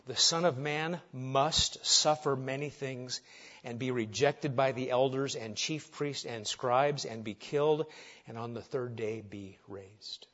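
A man preaching a sermon with emphasis, dropping soft on key phrases and rising when animated. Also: medium pitch, highs cut off. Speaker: pastor.

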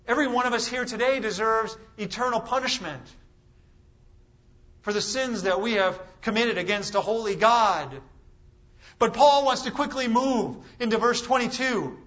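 A man preaching a sermon to a congregation, emphatic and full of rhetorical questions, with dramatic pauses. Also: very high voice, a bit bright, highs cut off.

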